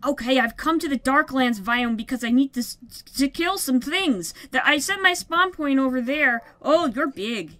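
A woman giving excitable, yelping play-by-play commentary on a survival game session, often laughing at her own bad plan. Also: high-pitched, normal speed, dry recording. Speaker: gaming video creator. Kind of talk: Minecraft let's play commentary.

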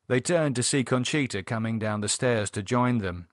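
A man's voice: on the low side, moderate pace, few pauses, no room sound. Man narrating a horror novel, dry. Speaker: audiobook narrator. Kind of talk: scripted narration.

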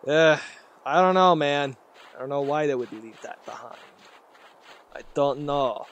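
A man's voice: on the high side, animated, a little slow, fairly bright tone. A man giving rambling commentary while playing a horror game, talking to himself and reacting aloud. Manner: rambling, jittery, talks to himself. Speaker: gaming YouTuber.

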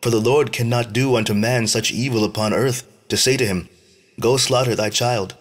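A man's voice: medium pitch, steady tone, normal speed, natural voice. A man reading the lines of Satan, disguised as a very old man, who scolds with reproachful questions in archaic speech.

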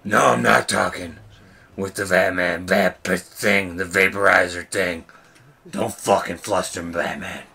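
A man voicing Batman while streaming a game, gruff, boastful and swearing. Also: low voice, fairly even intonation, measured pace, pushed and bright, full character voice. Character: gravelly growling male Batman, brooding and tough. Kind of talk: streaming gameplay in character.

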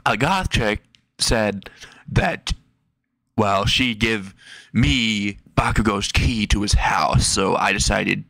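Man doing a slow, sly creepy clown. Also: lowish voice, vocal fry, a bit bright, dry recording, heavily acted. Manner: slow, drawling.

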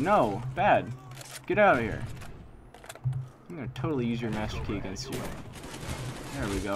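A man giving live commentary over his own shooter gameplay, excitable and quick to exclaim and groan. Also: mid-range voice. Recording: game gunfire noise behind voice. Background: video game gunfire and explosions.

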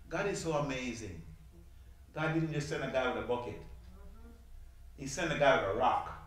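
Animated preacher in an echoey church. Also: male voice, mid-range voice. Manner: lively, folksy preaching with sudden loud peaks and hushed asides. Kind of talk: sermon.

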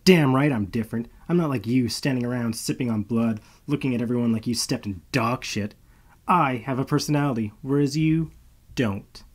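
A man voicing a foul-mouthed, hot-tempered young female vampire who snaps and curses loudly. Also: medium pitch, moderate pace, natural voice. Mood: furious. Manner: snappy, cursing, loud outbursts.

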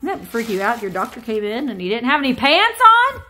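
A woman reselling antiques, chatting casually to viewers as she unboxes finds on camera, easily excited and talking to the objects. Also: on the high side, brisk, a little hiss or hum. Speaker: antique reseller and shop owner. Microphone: camera on a tripod.

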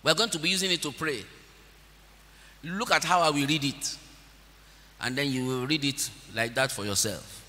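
Male preacher, high lively voice, very bright tone, rousing call-and-response, long church reverb. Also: moderate pace, long pauses. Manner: preaching with call-and-response, swelling into shouted prayer and speaking in tongues. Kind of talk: sermon. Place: large church hall.

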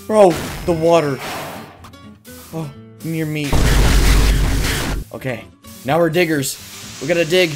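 A woman giving excitable gameplay commentary as host of a gaming video, often yelping and shouting at in-game sounds. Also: deep voice, a little slow, pauses often, over music. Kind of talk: excitable let's-play commentary.

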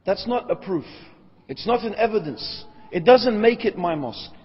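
High husky man lecturing in a hall. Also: lively intonation, normal speed. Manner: emphatic, argues step by step with rhetorical questions. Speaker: Islamic lecturer. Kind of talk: religious lecture to an audience. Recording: echoey hall, dull lo-fi sound.

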